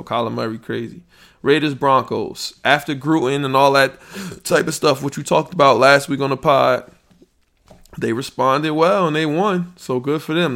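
A man's voice: mid-range voice, a bit bright. A man hosting a podcast, giving a casual sports recap with blunt, slangy trash talk, reacting to a live chat. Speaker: podcast host.

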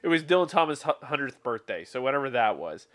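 A man's voice: mid-range voice, fast. Chatty man in casual conversation. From California. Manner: chatty, animated when quoting people. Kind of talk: casual chat.

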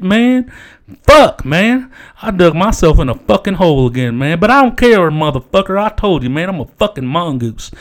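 A boastful, foul-mouthed stoner from Amarillo, as a man puts him on, drawling. He rambles from one brag to the next, capping almost every phrase with "man", and his voice sits a bit high for a man. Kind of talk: improvised comedic character monologue.

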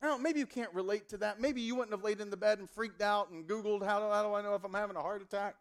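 A man in his thirties preaching a sermon, telling a personal story with emphatic, rising delivery. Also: fast talker. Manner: storytelling, emphatic, rises in pitch and volume when fervent. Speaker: pastor.

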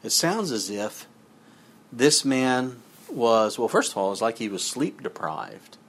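Man, preacher, mid-pitched voice, reads scripture aloud, chatty asides between passages. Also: big pitch swings, slow, a bit bright, slightly rough. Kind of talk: sermon with scripture reading.

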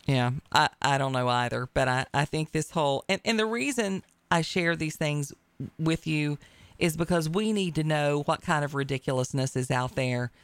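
A woman's voice: sits low, moderate pace, clear, resonant tone, no room sound. A woman hosting a talk radio show who speaks in a blunt, emphatic, wry way. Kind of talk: opinionated talk radio chat.

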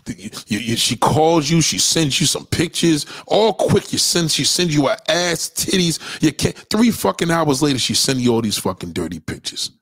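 A man's voice: fairly high pitch, normal speed, hardly any pauses, no echo. Profane man ranting, dry close sound. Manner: animated storytelling, acts out quoted voices; heavy swearing, street slang. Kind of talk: profane comedic rant to camera.

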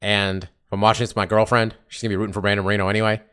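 A man's voice: fairly low pitch, little pitch movement, fairly bright tone, clear, resonant tone. A man hosting a podcast, chatting casually about fights with lots of laughing and some swearing. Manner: laughing, swearing, quick banter. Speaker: podcast host.

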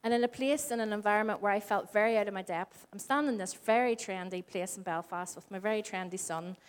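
A woman's voice: medium pitch, fast, smooth. Storytelling woman in her forties preaching. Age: 40s. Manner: animated storytelling, acts out quoted dialogue. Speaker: church speaker. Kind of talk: conversational sermon with stories. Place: church hall before a congregation.

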